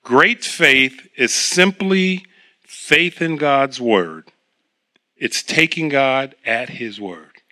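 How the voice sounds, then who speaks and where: A man's voice: mid-range voice, lively intonation, drawn-out words, bright, forceful tone. A man preaching a sermon, reading scripture aloud and then explaining it in a conversational way.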